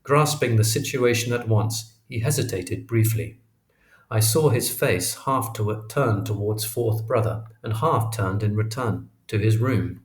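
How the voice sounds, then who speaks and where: A man narrating a memoir audiobook in a measured, expressive storytelling manner. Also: on the low side. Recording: roomy echo.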